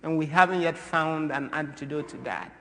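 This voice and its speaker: A man from Ghana addresses a church gathering with a fairly high voice. His delivery is animated, rising to loud, emphatic bursts and dropping to quiet asides. The long reverb of a large church hangs on every phrase. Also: moderate pace, a little hiss or hum. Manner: animated, swings from loud to soft. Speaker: speaker at a church. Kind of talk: impassioned talk.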